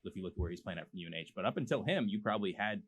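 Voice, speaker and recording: Deep-voiced male interview host. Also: expressive, rapid-fire, a bit bright. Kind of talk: casual interview.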